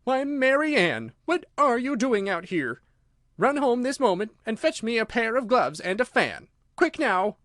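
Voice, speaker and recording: A man's voice: high-pitched, moderate pace, a bit bright, dry recording, clean studio sound, voice pushed up. A man voicing a fretful, fussy white rabbit who mutters frantically. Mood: bossy.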